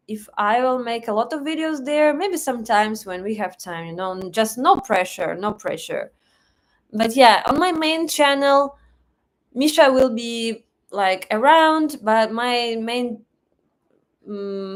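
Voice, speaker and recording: A young Russian woman with a Russian accent hosts a relaxed live stream from home. She talks slowly in a fairly high voice. She is chatty, laughs often and fills gaps with "like" and "uh.". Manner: chatty, laughs often, thinks aloud with fillers. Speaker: livestream host. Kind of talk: casual live-stream chat reading comments. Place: home in Moscow.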